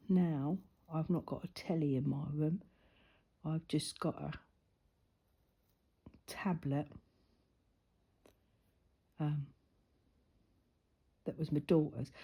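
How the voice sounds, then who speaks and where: A woman's voice: low voice, lively intonation, slow pace, long pauses, mellow, breathy edge. A middle-aged woman, out of breath, chatting and laughing at herself as she colours. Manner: chatty, self-mocking, laughs often. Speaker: craft vlogger. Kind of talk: casual chat while colouring.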